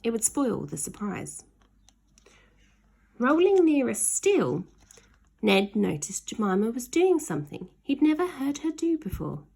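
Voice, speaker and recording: A woman reads a children's story aloud, slow and expressive. Her voice is husky and gravelly, and it rises and falls with wide, lively swings of pitch.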